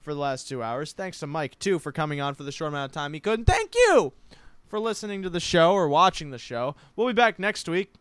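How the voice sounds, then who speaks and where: A man hosting a casual horse racing picks show, animated and jokey with playful wordplay. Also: fairly high pitch, fast talker, few pauses, clear, resonant tone, no echo. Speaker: host. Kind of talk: casual harness racing handicapping chat.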